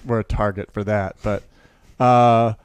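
A man from the Seattle area who works as a teacher and maker, chatting casually in an interview, telling lively stories that he acts out, with frequent laughter. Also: fairly low pitch, a little slow, smooth, no echo. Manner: animated storyteller, laughs often, acts out quotes.

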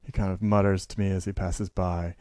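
Animated storytelling man, dry close sound. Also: low voice, brisk, no echo. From Seattle area, US. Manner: animated storyteller, laughs often, acts out quotes. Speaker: teacher and maker, interview guest. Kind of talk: casual conversational interview.

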